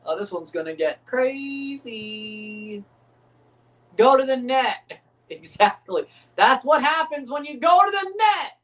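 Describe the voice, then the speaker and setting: High-voiced man chatting through a livestream. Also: very animated, slow, fairly bright tone, far from the mic. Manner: chatty, repeats phrases, answers chat viewers. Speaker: livestream host reacting to a match. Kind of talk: casual live watchalong commentary.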